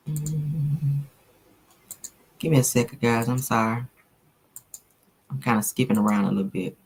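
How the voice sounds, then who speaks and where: A woman's voice: rumbling low, slightly rough. A woman hosting a casual celebrity gossip livestream, talking sassily to her chat and peppering her talk with "honey" and "child".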